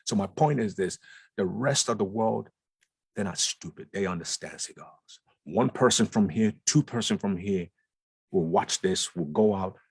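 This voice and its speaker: Deep, husky man talking emphatically. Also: no room sound. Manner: emphatic, repeats words for stress. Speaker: guest speaker. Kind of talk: conversational talk. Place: lounge.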